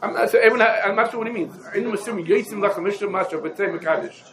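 A man with a notably high voice teaches a Torah class in a brisk, explanatory way. He piles up rabbinic sources one after another and keeps putting questions to his listeners. A faint background hiss sits under the voice. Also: a bit bright, poor audio. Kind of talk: halachic lecture.

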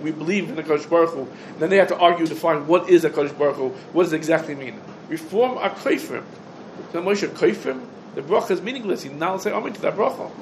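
A man with a slightly higher voice teaches an informal halacha class to a room of listeners. He keeps asking rhetorical questions and answering them himself. His speech is packed with Hebrew terms, with a faint hum of room noise behind him. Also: rough recording. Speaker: Torah teacher.

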